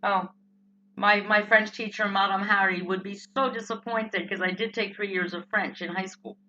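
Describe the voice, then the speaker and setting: A woman's voice: medium pitch, fairly even intonation, normal speed, sharp tone, muffled recording, slight background noise. A woman with a New Jersey accent delivering a blunt, profane comic rant as a political commentator. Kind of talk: ranting comic monologue.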